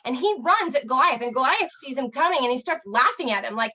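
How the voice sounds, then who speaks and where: High-voiced woman telling a story earnestly. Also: animated, fairly quick, bright, forceful tone. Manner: earnest storytelling, emphatic repetition. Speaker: health coach. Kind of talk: motivational talk.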